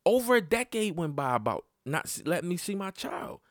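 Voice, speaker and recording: A man hosting a podcast, telling a personal story in casual, profane talk that climbs sharply in pitch when he gets worked up. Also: moderate pace, no room sound, studio quality. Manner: animated and profane, voice jumping up when heated. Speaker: podcast host.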